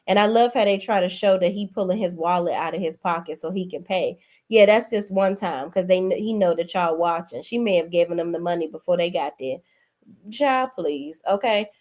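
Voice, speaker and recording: A woman's voice: on the low side, normal speed, darkish tone. A woman hosting a casual gossip commentary show, talking in a sassy, blunt, exclaiming way. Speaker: host.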